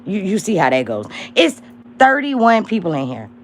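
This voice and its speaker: With big swings in pitch and a moderate pace, a young livestream host bluntly calls out a rival, cursing as she goes. Faint music plays behind her as she alternates loud mocking jabs with low murmurs.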